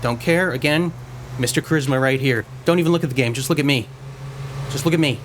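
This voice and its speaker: A let's-play gamer speaks quickly in a mid-range voice, rambling and poking fun at himself as he plays in a messy room at home, frequently tripping over his words. Background noise and loud car and game sounds are audible.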